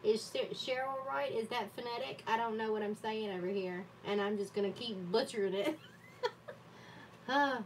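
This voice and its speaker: A woman's voice: on the high side, normal speed, far from the mic, slight background noise, poor audio. Chatty woman streaming from her desk. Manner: chatty, self-deprecating, laughs often. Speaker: livestream host. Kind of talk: casual chat while journaling. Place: home art desk.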